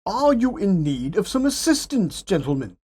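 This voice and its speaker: A man's voice: high-pitched, very animated, normal speed, dark tone, breathy edge, no room sound, pitched above the performer's own voice, exaggerated voice. Man voicing an unflappable old station master. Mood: formal. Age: 60s. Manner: dry, formal and unruffled.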